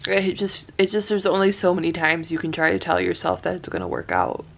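A young woman in her twenties talking to camera in a personal vlog, crying, halting and restarting as she speaks softly. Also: fairly low pitch, animated, creaky. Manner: halting, restarting, soft-spoken. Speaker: vlogger.

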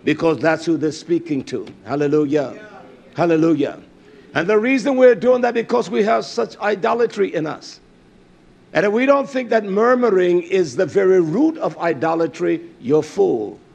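High, gravelly fervent preacher man. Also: expressive, normal speed. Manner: fervent preaching, swinging from loud declaring to low muttering; reads scripture aloud with many fillers and hallelujahs. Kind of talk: sermon.

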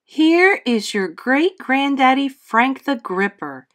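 A woman's voice: high-pitched, very animated, slow pace, fairly bright tone, voice pushed up, exaggerated voice. A woman voicing a proud, doting monster mother in a storybook, with a sing-song, dramatic delivery.

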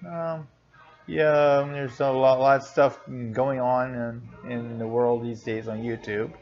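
A man co-hosting a casual chat in a coffee shop, talking haltingly with many restarts and repeated words. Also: medium pitch, little pitch movement, a little mellow. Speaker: co-host. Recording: dull lo-fi sound, faint music.

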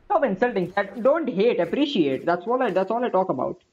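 A young woman, live-streaming games and chatting casually, excitable and swearing at the game. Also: mid-range voice, a little fast, breathy edge, muffled recording. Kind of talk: casual live-stream chat while gaming.

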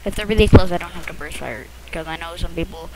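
Gravelly, rambling first-time gameplay commentator. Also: mid-range voice, fast talker, very noisy. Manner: rambling, self-conscious, muttered asides. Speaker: gamer commentating own play. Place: at home. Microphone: close mic that the lips bump.

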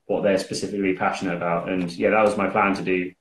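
Host: low-pitched man, loose and chatty, roomy echo. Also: little pitch movement, fast. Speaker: podcast host. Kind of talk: interview questions. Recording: echoey room.

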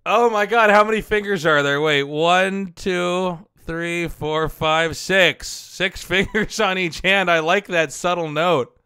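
A man's voice: high-pitched, slow pace, sharp tone, clear, resonant tone, no echo, clean studio sound. A man in his thirties on a headset, casually commenting on fan drawings, laughing often and swearing now and then. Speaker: streamer reviewing fan drawings.

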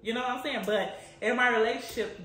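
Quick and fairly high-pitched with a bit of brightness, this young woman from Chicago chats to camera while answering viewers' questions. She laughs often, keeps saying "you know what I'm saying," and the room echoes.

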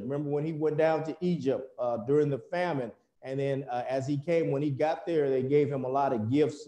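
An American man preaching a sermon in a church, telling the story in a folksy, animated way with many fillers. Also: on the high side, echoey room. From United States.

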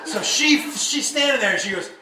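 A man performing stand-up comedy, telling a story with animated energy and shouting his punchlines, recorded live in a comedy venue over audience laughter. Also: very high voice, moderate pace, heavy background noise. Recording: roomy live venue, heard from a distance.

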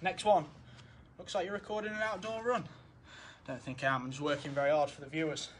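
A man's voice: fairly high pitch, steady tone, fairly quick, fairly bright tone, a little hiss or hum. A young man coaching football drills in his garden, upbeat and encouraging, counting down each set while out of breath. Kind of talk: home football drill session. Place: garden, outdoors.

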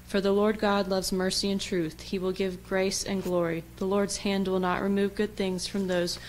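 A woman reading psalms and hymns aloud at a church service in a measured liturgical way. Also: mid-range voice, flat delivery, rough recording. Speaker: reader. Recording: church recording with faint noise.

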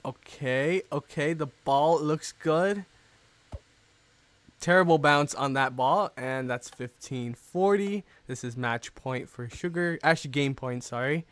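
A man's voice: a little high, slow pace, a bit bright, no room sound. A young man giving casual commentary over his own game, rambling and self-pitying with bursts of mock outrage.

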